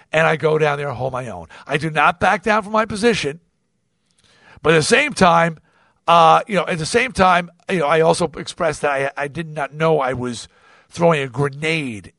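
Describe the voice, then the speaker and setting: Lively storytelling man, dry close sound. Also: a little high, no room sound. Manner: animated, acts out quoted dialogue, swears freely. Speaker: podcast host. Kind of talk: casual storytelling monologue.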